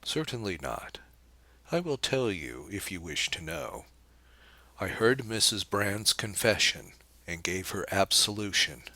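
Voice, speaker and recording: A man's voice: low-pitched, very animated, unhurried, sharp tone, dry recording, heavily acted. A man reading the part of a young priest who answers steadily and earnestly.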